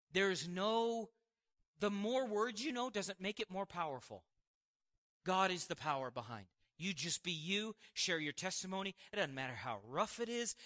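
A man preaching a sermon and telling a personal testimony, animated, with quick asides and frequent laughs. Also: sits high. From Montana, United States.

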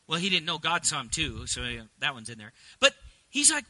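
Man preaching, high voice, very bright tone, dry close sound, chatty then emphatic. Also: expressive, fairly quick, slightly rough, no echo, low-quality recording. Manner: conversational, rising to emphatic preaching. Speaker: pastor. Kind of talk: sermon.

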